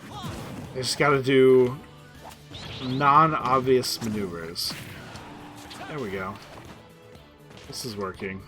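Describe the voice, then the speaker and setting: A young man with a bright, forceful voice rambles through casual stream commentary while he plays. He swears a lot, mocks himself, and plays up a put-on voice. Faint music runs underneath. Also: medium pitch, big pitch swings, slow, pauses often. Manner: rambling, profane, self-deprecating; playing up a put-on voice.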